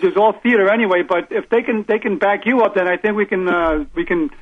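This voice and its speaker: A male radio caller, talking quickly and agreeably. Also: high-pitched. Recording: tinny phone line.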